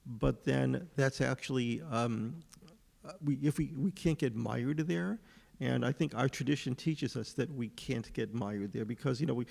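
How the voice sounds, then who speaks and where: A man's voice: mid-range voice, moderate pace, gravelly, darkish tone. A man in a class discussion, speaking hesitantly and reading a passage aloud. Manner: hesitant, many fillers and restarts. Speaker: class participant. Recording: reverberant hall.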